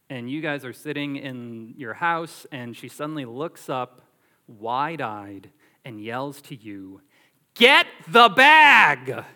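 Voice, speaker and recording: A man preaching a sermon as pastor, animated and emphatic, drawing on everyday illustrations. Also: medium pitch, long reverb tail.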